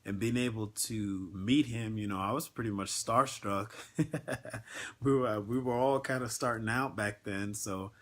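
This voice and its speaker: A man's voice: on the low side, moderate pace, few pauses, a bit bright. A man hosting a casual livestream, talking in an earnest, emotional way with many filler words and ums. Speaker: network marketing livestream host.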